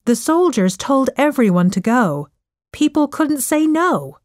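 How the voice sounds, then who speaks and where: A woman voicing a self-reliant nineteen-year-old young man who talks in a steady, reassuring way in a slow audiobook reading. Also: sits high, dry recording, studio quality, voice pushed up. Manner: reassuring, matter-of-fact.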